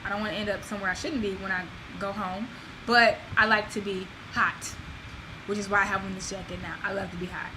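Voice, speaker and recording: A woman vlogger talking casually to the camera, animated and emphatic, with self-deprecating asides. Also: medium pitch, a little fast, noisy background.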